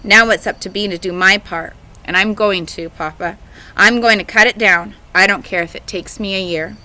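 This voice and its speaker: A woman voicing an earnest, determined country boy in a storybook reading, in her own bright voice. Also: mid-range voice, fairly even intonation, normal speed, low-quality recording.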